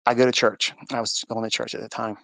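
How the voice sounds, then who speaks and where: Speaking from home over a phone in a live audio chat, a man shares an emotional testimony of faith, earnest and emphatic, acting out the dialogue as he goes. His voice is fairly low and fairly bright, with little pitch movement, vocal fry and a fast pace, and the recording is dry.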